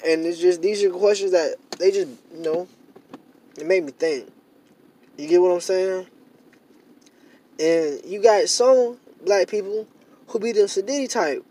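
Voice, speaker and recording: High-voiced young man talking casually. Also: a little slow, pauses often, dark tone. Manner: rambling, repeats himself with many fillers; grows heated and emphatic. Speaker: vlogger. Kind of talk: casual monologue to camera.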